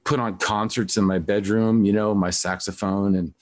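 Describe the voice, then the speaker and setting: A man hosting a music podcast, talking in a casual, rambling way and acting out quotes with lively voices. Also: on the low side, moderate pace. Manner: rambling, animated when quoting others. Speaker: podcast host. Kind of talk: casual conversational interview.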